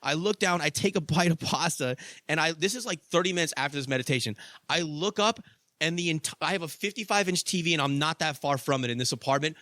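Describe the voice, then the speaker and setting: A man's voice: a little high, fast, pushed and bright, no room sound, studio quality. A young adult man hosting a podcast, telling a story in a casual monologue, swearing freely and padding with "like" and "you know.". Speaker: podcast host.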